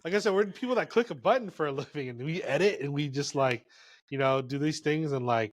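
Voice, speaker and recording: A man, a photographer guesting on a podcast, who talks in a relaxed and frank way with lots of filler words. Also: on the high side, a little fast. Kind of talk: casual podcast chat.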